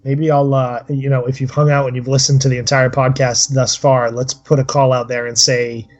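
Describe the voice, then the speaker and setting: A man's voice: mid-range voice, flat delivery, normal speed. A man co-hosting a casual podcast, talking steadily and rambling with many fillers. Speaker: podcast co-host. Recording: slightly dull lo-fi audio.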